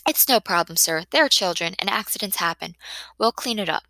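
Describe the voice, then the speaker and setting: A woman voicing a big, quick-tempered middle-aged father who turns polite and placating. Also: mid-range voice, animated, bright, forceful tone, no room sound, low-quality recording.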